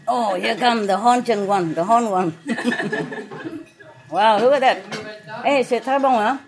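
A woman's voice: on the high side, slow pace, crowd noise. A woman hosting guests at her restaurant table, joking, laughing often and chatting in non-native English with bits of French. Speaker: restaurant owner and host. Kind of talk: casual dinner chat with guests. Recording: noisy dining room with clinking dishes.

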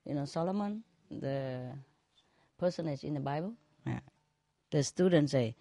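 A woman, a spiritual teacher, telling jokes to a group in a slow, chuckling way, often checking whether her listeners follow. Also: sits low, expressive, warm tone, no room sound.

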